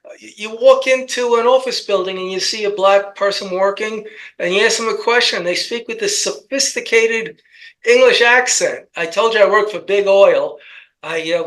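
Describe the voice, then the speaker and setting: A man co-hosting a casual commentary chat, talking in a rambling, halting way with many restarts. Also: high-pitched, a bit bright, poor audio. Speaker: co-host.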